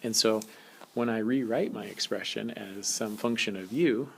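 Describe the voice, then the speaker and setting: A man teaching a calculus lesson in a relaxed, joking way, talking as he writes. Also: fairly low pitch, normal speed, creaky, a little hiss or hum. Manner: relaxed, jokey, talks while writing. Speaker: math teacher. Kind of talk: recorded calculus lecture. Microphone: tablet screencast mic.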